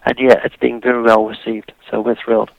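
A man with a New Zealand accent speaks as a radio interview guest. He tells his story in a steady, dry-humored way. The sound is close and dry, with no room around it. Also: mid-range voice, a little fast, creaky, no echo, muffled recording.

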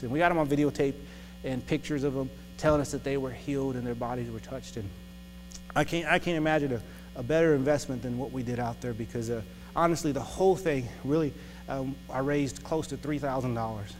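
Man, preacher, storytelling testimony, laughs often, soft music behind. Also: medium pitch, a little fast. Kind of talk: sermon testimony. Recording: reverberant hall with music.

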